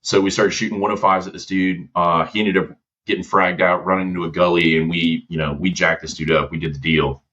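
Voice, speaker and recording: A man telling a story as a podcast guest, with a relaxed, slangy manner and many fillers. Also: deep voice, a little fast. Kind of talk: casual storytelling. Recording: dull lo-fi audio.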